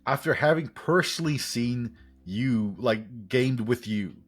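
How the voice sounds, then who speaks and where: A man's voice: medium pitch, animated, slightly rough, faint music behind. A man co-hosting a podcast in casual chat, chiming in with emphatic remarks. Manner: emphatic, quick to chime in. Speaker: podcast co-host.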